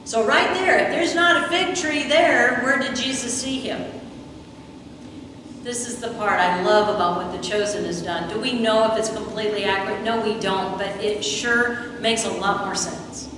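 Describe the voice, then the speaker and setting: A woman's voice: medium pitch, normal speed, noisy background. A woman preaching a sermon, retelling scripture and acting out the quoted lines as she goes. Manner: storytelling, acts out quoted lines. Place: church sanctuary. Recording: echoey hall from far off.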